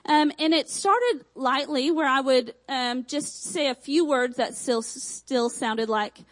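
A young woman from Michigan with a Texan accent, preaching a sermon with emphatic repeated phrases and quick asides. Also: high voice, low-quality recording.

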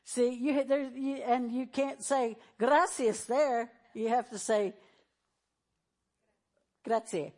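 A woman's voice: fairly high pitch, steady tone, a little slow, few pauses, mellow. A middle-aged woman pastor preaching a sermon in a conversational way, acting out the voices she quotes.

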